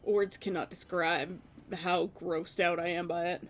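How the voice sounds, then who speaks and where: A woman in her thirties chatting casually with her stream viewers, animated and laughing often. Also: lowish voice, a little slow.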